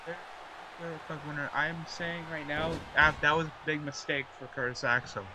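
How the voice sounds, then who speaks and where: A man's voice: fairly high pitch, fairly even intonation, normal speed, noisy background. A man co-commentating on a wrestling video game, rambling and restarting as he names the moves. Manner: rambling, stumbling over move names, analytical. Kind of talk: casual play-by-play commentary.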